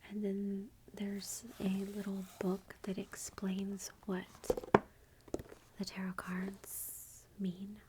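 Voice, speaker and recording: A woman hosting an ASMR channel, chatting in a soft whisper about her gifts while feeling unwell, with a self-deprecating touch. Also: mid-range voice, completely flat delivery, extremely slow, heavy background noise. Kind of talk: whispered ASMR haul commentary.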